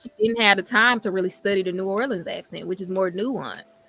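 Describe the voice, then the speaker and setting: A woman hosting a casual podcast chat, animated and talking over her guests, repeating her points. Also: medium pitch, brisk, faint music behind. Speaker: podcast host.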